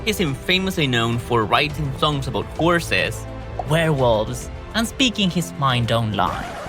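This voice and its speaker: Slow, teasing male narrator. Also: mid-range voice, very animated, music in the background. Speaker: narrator of the intro. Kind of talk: scripted narration.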